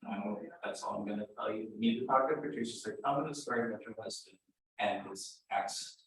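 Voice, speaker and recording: A man with a Californian accent coaching in a casual, blunt and animated way, retelling stories with quotes. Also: lowish voice, quick pace, creaky. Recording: echoey room, voice from far off.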